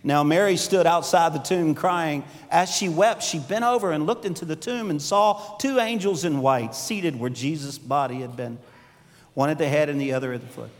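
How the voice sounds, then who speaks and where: A middle-aged male pastor preaching a sermon, swinging between loud emphasis and hushed, intimate asides. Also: a little high, normal speed. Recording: long hall reverb.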